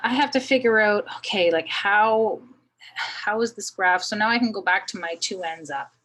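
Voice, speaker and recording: A woman's voice: medium pitch, moderate pace, a bit bright, poor audio. A woman teaching a math lesson, thinking aloud as she draws a graph, with many fillers. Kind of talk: recorded screen lesson.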